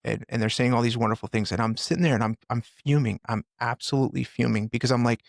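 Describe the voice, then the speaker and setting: A man in his forties, a former first responder, candidly retelling hard experiences on a podcast with intense, animated delivery. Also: medium pitch, fast talker, gravelly, dry recording, clean studio sound. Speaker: podcast guest, former police officer and firefighter. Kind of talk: candid personal storytelling.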